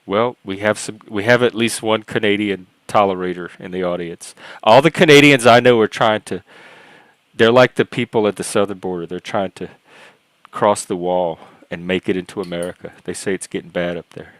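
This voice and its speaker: A Cajun man from South Louisiana in his forties, rambling and halting as he tells stories while hosting a panel chat. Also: on the low side, fairly bright tone, dry recording, low-quality recording. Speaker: host of a panel discussion. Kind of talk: casual chat.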